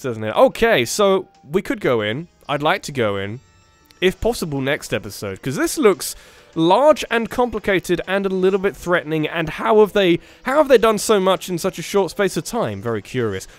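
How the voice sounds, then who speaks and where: A man commentating casually over a video game with a fairly high, very lively voice that jumps around in pitch. He rambles and cuts himself off, tossing in jokey asides, with faint game music underneath. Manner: rambling, self-interrupting, joking asides. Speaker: let's play host.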